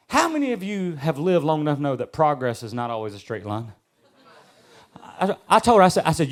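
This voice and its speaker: A man's voice: high voice, sing-song, fast. A pastor in his thirties preaching emphatically, repeating key lines and calling for amens. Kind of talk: sermon.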